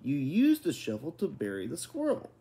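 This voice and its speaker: A man voicing an exasperated, bossy mother who spells her words out slowly and firmly. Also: mid-range voice, lively intonation, dark tone, natural voice. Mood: insistent. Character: exasperated bossy mother, middle-aged woman.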